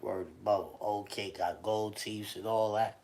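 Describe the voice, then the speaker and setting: A man hosting a livestream, chatting casually with viewers in loose, animated slang. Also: on the low side, a little slow. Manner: slangy and animated, often addresses chat. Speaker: livestream host.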